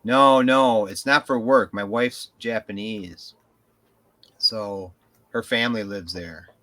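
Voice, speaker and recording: A man's voice: lowish voice, slow. A man on a podcast, chatting casually and telling rambling stories with plenty of profanity. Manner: rambling, animated storytelling with profanity. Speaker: podcast co-host. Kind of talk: casual chat.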